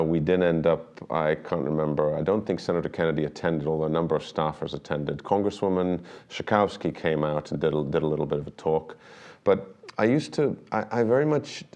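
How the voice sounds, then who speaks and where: A middle-aged man, a documentary filmmaker, telling stories in a relaxed interview and acting out the dialogue he quotes. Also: very deep voice. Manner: animated anecdotes, acts out quoted dialogue. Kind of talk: conversational storytelling interview.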